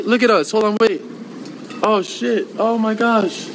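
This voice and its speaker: A man live-streaming on a city street into a handheld phone, loud, goofy and taunting, repeating his phrases over and over. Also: high-pitched, moderate pace, over music, poor audio. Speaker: IRL streamer. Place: outdoors on a city street and at a hotel door.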